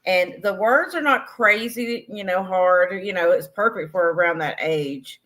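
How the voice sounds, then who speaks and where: A woman's voice: lowish voice, a little slow, fairly bright tone. A woman co-hosting a live online sale, chatting casually about books with fillers.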